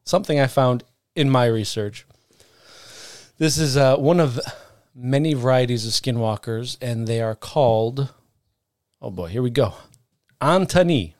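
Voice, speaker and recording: A man's voice: medium pitch, darkish tone, no room sound, clean studio sound. Joking man hosting a podcast. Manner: joking, teasing, quick banter. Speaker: podcast host. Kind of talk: casual chat.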